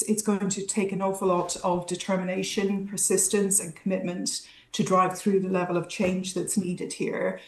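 In an echoey room, a female healthcare researcher with a medium-pitched voice is interviewed on the news as an academic guest. She analyzes the topic carefully, often pausing on "um" and starting her sentences over.

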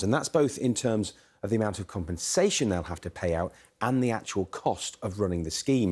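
A man reporting as a business correspondent, explaining a story in a measured news delivery. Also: fairly low pitch, mellow.

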